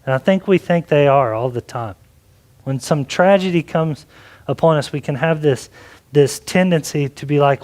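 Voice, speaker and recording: A man's voice: a little high, normal speed, darkish tone. A man preaching a sermon as pastor, in a conversational way with frequent "like" and questions. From Texas. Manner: conversational preaching with many likes.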